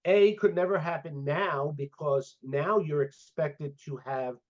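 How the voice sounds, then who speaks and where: Lively storytelling man, dull lo-fi audio. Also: a little high, measured pace. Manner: animated storyteller, acts out quoted dialogue. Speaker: guest sport psychologist. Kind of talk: casual interview storytelling.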